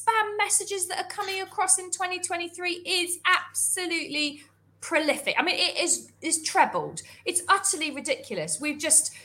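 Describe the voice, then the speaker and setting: Female co-host, high lively bright voice, animated rants. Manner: animated, exasperated rants with quick laughs. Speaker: podcast co-host, estate agency owner. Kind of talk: casual chat.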